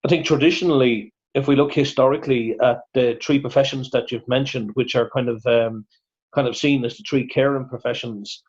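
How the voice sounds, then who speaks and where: A man, a lecturer and broadcaster, answering interview questions in a measured, thoughtful way. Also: medium pitch, fairly even intonation, darkish tone, slightly rough. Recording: dull lo-fi audio.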